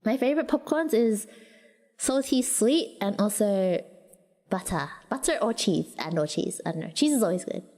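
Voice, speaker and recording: Australian woman streamer, rambling casual chat, middle pitch, lots of reverb. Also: expressive, mellow. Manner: chatty and rambling, with quick restarts and giggles. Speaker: livestreamer.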